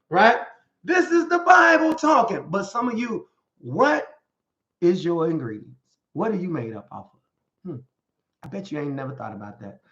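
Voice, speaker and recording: A man working as a life coach gives a motivational talk mixed with Bible readings, speaking in an emphatic, slangy, rhetorical manner and repeatedly asking "right?". His voice is high with a fairly bright tone. The recording has an echoey room and dull lo-fi sound.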